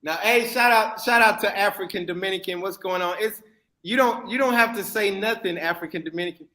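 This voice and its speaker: A man's voice: sits high, fairly quick, bright, forceful tone. A man with a New York accent hosting a live stream, joking and teasing his guests. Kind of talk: casual live-stream chat.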